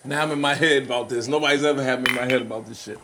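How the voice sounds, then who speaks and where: A man guesting on a casual kitchen chat, animated and playful, trying out bits. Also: medium pitch, rapid-fire, background noise. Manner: animated, playful, slips into impressions. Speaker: guest comedian.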